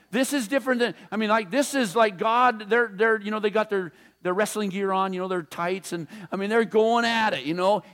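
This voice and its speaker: A man with a notably high voice delivers a sermon. He talks casually and animatedly, slipping into storytelling and playful asides as he preaches. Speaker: pastor.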